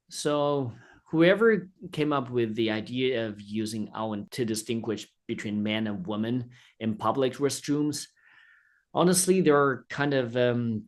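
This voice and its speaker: A man from China teaching a casual online Chinese lesson in a chatty, friendly way, slowing down to say the Chinese words. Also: medium pitch.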